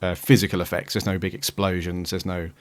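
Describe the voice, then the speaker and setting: A man's voice: low voice, flat delivery, fairly quick, no room sound. A man co-hosting a podcast, chatting casually and thinking aloud with frequent "um"s. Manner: hesitant, many "um"s while thinking aloud. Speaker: podcast co-host. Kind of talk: casual chat reviewing an episode.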